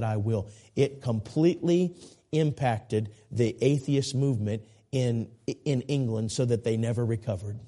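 A man preaching a sermon in church, telling a story slowly and with emphasis before a fervent altar call. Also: mid-range voice, mellow. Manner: slow, emphatic storytelling, rising to fervent appeals. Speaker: pastor. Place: church sanctuary.

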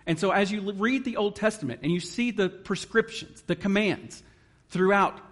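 A man's voice: high voice, normal speed, a bit bright. A man preaching a sermon in an earnest manner, reading scripture and explaining it. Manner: earnest, emotional at times, reads scripture aloud. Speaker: guest preacher.

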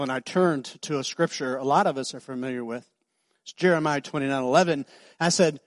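High-voiced pastor, animated storytelling sermon. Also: male voice, no room sound, studio quality. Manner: conversational, animated, acts out dialogue; drops to soft, slow voice for emotional moments.

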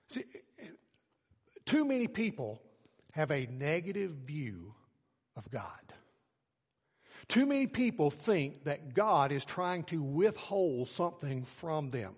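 A middle-aged man preaching a sermon, telling a family story and swinging from soft low phrases to loud shouted words. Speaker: pastor. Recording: long hall reverb.

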